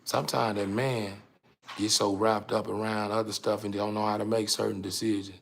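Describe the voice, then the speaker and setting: Gravelly man ranting on a livestream. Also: fairly low pitch, level tone, moderate pace, a bit bright. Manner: repetitive, stumbling, profane, laughing. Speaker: livestream host. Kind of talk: casual ranting livestream monologue.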